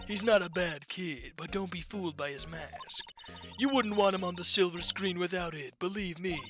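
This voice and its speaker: A man's voice: high-pitched, normal speed, fairly bright tone, faint music behind. A man voicing a grumpy, nagging old woman who guards a studio gate, reading a game aloud. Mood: gossiping. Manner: nagging, scolding, rambling.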